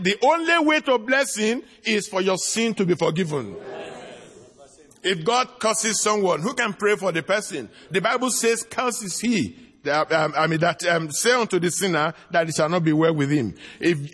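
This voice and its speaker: Bright-voiced preacher man in reverberant hall. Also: sits high. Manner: pleading, recites hymn lyrics in a lilting cadence. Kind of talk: sermon with altar call.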